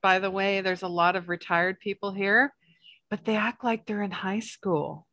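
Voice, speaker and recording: A woman leading a spiritual workshop, talking in a chatty, rambling way with quick asides. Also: mid-range voice, fairly even intonation, pushed and bright, no room sound, clean studio sound. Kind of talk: casual spiritual talk.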